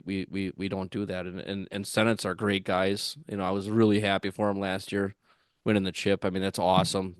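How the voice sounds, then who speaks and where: A man with a lowish voice tells a long story in a loose, rambling way, circling back with fillers and restarts. He is recorded dry, with no room sound around him. It sounds like a relaxed podcast chat among fellow tournament anglers. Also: no room sound. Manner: rambling, full of fillers and restarts, animated when quoting others.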